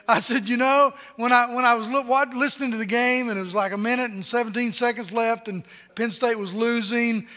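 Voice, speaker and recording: A man's voice: very high-pitched, steady tone, a little fast, hardly any pauses, bright, forceful tone, long reverb tail. A man preaching a sermon to a large congregation, joking and telling stories, with many repeated words. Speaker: pastor. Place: large church hall.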